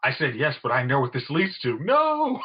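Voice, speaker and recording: A man's voice: medium pitch, fast talker, breathy edge. Easygoing man on a podcast. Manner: relaxed, quotes characters in playful voices. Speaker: podcast co-host. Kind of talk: casual movie review chat. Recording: dull lo-fi sound.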